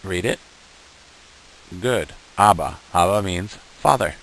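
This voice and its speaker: A man teaching beginners, patient and slow, sounding out each syllable and repeating words for the learner to copy. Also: low-pitched, animated, creaky, a bit bright, rough recording. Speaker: Hebrew teacher. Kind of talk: beginner language lesson.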